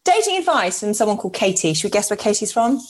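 A woman co-hosting a podcast, chatting casually, swearing and expressive. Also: medium pitch, fast. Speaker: podcast co-host. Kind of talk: casual banter.

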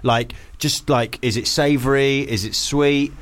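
A man's voice: medium pitch, steady tone, a little slow. A man hosting a radio show, teasing his guests and callers with dry jokes. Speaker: radio host. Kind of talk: banter-filled radio chat.

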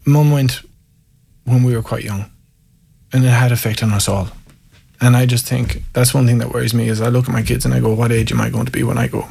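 Gravelly Irish man telling stories. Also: mid-range voice, darkish tone. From Ireland. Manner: candid and self-mocking, laughs through anecdotes. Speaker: guest. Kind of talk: storytelling in an interview.

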